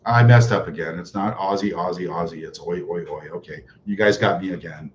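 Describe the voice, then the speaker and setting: A man's voice: deep voice, a little fast. A man chatting on a livestream, his talk sarcastic and full of mocking chuckles. The audio is dull and lo-fi, with a faint hiss behind him. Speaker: livestream host reading chat. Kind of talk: casual livestream chat.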